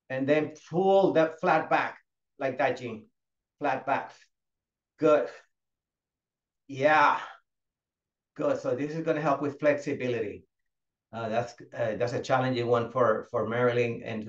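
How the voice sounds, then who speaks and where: A male fitness instructor leading a class, giving steady cues and encouraging students by name. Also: a little high. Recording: echoey, dull lo-fi room sound.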